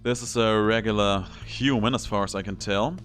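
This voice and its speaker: A man with a fairly low voice gives casual commentary on a game he is playing, thinking aloud as he weighs each choice. Faint music runs quietly underneath. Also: fairly even intonation, normal speed. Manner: thinking aloud while choosing moves. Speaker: gameplay video host.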